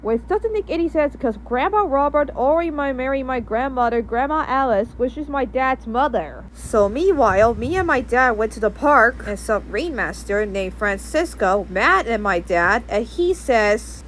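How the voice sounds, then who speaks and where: High-voiced rambling storyteller. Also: female voice, lively intonation, normal speed, few pauses, a little hiss or hum. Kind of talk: homemade story narration.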